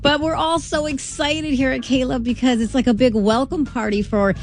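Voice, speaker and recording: Upbeat radio lady cohosting, giggly and excited, a bit high voice. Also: normal speed. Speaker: radio co-host. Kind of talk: morning show banter.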